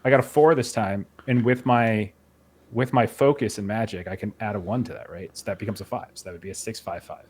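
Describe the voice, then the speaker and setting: A man's voice: fairly low pitch, a little fast, darkish tone, breathy edge. A man playing a tabletop game, chatting casually with many fillers and self-deprecating asides. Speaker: player. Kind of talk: casual play chat.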